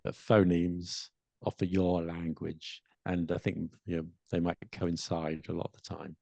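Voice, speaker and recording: A man's voice: sits low, flat delivery, creaky, mellow, dry recording, dull audio. A man from London with a London accent, co-hosting a podcast about learning English in casual, hesitant chat. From London, England. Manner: hesitant, repeats words, explains slowly. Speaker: podcast co-host, English teacher.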